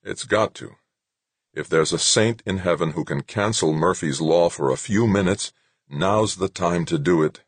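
A tense male engineer, voiced by a narrator, terse and muttering as he barks orders. The voice is deep and husky, recorded close and dry. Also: unhurried, no echo. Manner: terse, muttering under pressure.

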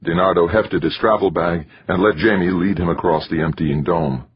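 A man narrating a novel in a steady storytelling manner, in a dull lo-fi recording. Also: low voice, normal speed, background noise. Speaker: audiobook narrator. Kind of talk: scripted narration.

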